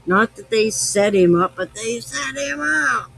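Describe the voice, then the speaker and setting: A man's voice: very high-pitched, animated, measured pace, gravelly, pushed and bright, a little hiss or hum, poor audio. A tipsy man hosting a live podcast, rambling, swearing freely and affectionate. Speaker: podcast host. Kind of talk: casual live-stream chat.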